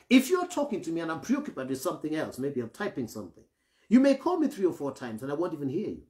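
Male preacher, lively pitch, checks in with the congregation, echoey room. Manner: asks the congregation for assent often; acts out grumbling voices to illustrate. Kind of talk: sermon.

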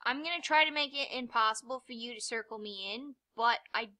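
A woman's voice: a little high, brisk, bright, forceful tone. A young woman giving rambling, self-mocking let's-play commentary, swearing freely, with sudden yelps and muttered asides. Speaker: gamer.

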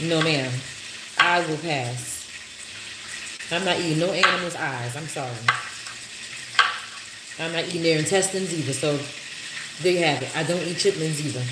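A woman's voice: low voice, expressive, moderate pace, long pauses, background noise. A woman chatting casually to her viewers while she cooks, calling them y'all. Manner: chatty, talks to viewers as y'all, grows frustrated. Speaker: cooking vlogger. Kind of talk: casual cooking vlog. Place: home kitchen. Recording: echoey kitchen with loud frying. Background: sizzling pan.

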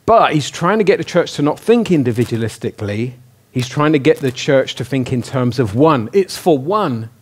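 A man's voice: on the high side, darkish tone. Casual man preaching a sermon. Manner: casual, conversational, asks the congregation questions. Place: church hall.

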